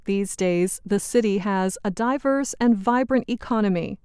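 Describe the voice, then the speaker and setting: A woman presenting a scripted educational program, in a clear, measured, teacherly way. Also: mid-range voice, a little mellow, no room sound, clean studio sound.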